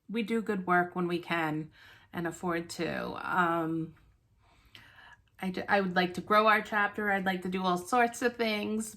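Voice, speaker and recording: A woman's voice: lowish voice, pushed and bright. A woman hosting a stitching vlog, chatting casually to viewers, out of breath, rambling with many ums and restarts.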